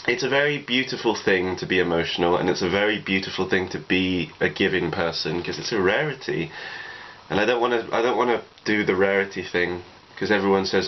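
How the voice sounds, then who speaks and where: A man, talking through personal advice in a reflective, rambling way, leaning on "you know" a lot. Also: low-pitched. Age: 20s. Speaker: vlogger. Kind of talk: casual advice monologue. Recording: dull lo-fi recording with faint noise.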